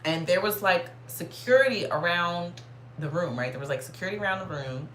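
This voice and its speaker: A woman vlogger telling a story in a casual, animated way, swearing and saying "like" constantly. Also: lowish voice, brisk, reverberant, slight background noise. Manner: animated, profane, heavy filler "like".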